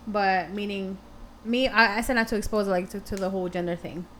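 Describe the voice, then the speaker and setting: A woman co-hosting a casual chat, backing her partner up with quick, emphatic agreement. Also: medium pitch, steady tone, a bit bright. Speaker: podcast co-host.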